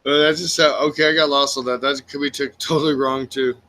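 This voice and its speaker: A man's voice: mid-range voice, fairly even intonation, brisk, pushed and bright, poor audio. A man co-hosting a casual livestream talk show, laid-back, laughing and swearing. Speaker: co-host.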